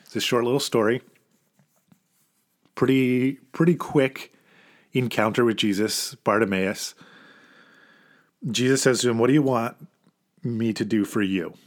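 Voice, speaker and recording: A man's voice: medium pitch, unhurried, long pauses. A man preaching an informal, conversational sermon as a pastor, earnest and emphatic at key points.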